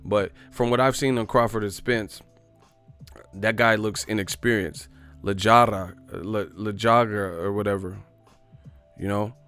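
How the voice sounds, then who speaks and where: A man doing loose, joking boxing commentary for his online channel, in slangy street talk with quick put-on voices. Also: lowish voice, a bit bright. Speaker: boxing YouTuber. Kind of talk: casual comedic boxing commentary.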